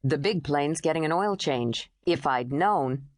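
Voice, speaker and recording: A woman narrator voicing a kind, soft-spoken grown man who flies small planes, in an audiobook. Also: on the high side, animated, unhurried, dry recording, studio quality, voice pushed down. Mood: gentle. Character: gentle adult male pilot, kind and hopeful.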